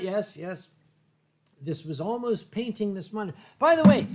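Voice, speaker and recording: A middle-aged man hosting a casual drinking chat, rambling and swearing with many fillers and restarts. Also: sits high. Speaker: host.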